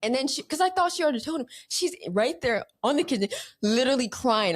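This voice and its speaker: Animated high-voiced young woman storyteller. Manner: animated, fast slangy storytelling with laughs. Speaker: podcast co-host. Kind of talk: casual storytelling chat.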